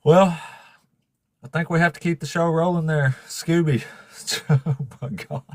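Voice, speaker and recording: A man hosting a casual livestream, laughing and swearing as he thanks viewers, emotional and fighting back tears in a raspy voice. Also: on the high side, fairly even intonation, a little slow, a little mellow, no echo, clean studio sound. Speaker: livestream host.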